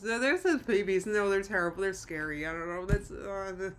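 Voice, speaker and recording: A woman's voice: medium pitch, fairly quick, few pauses, clean tone. A woman hosting a live stream in a rambling, self-interrupting casual chat, often laughing and reading chat messages aloud. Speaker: livestream host.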